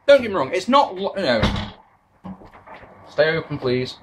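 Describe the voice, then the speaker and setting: A man's voice: on the high side, very animated, measured pace, fairly bright tone. A British man giving a casual, sweary and sarcastic review of an old wrestling show.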